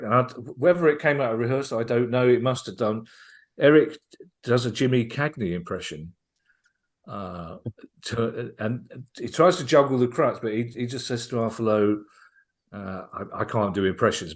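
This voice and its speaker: A man on a podcast as guest comedian, telling a long, enthusiastic anecdote and often restarting his sentences. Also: lowish voice. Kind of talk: casual podcast storytelling.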